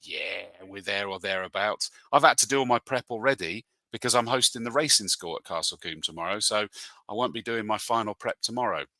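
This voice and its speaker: A man's voice: lowish voice, a little fast, pushed and bright, dry recording. A man and motorsport commentator hosting a live show, chatting casually and reading out viewer comments in a matey way. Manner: chatty and matey, calls people mate.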